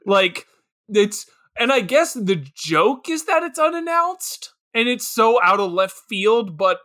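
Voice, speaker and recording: Animated man co-host, laughs a lot, slow and bright. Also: very high-pitched. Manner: animated, laughs often, mimics reactions in quotes. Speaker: podcast co-host. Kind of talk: casual movie-review chat.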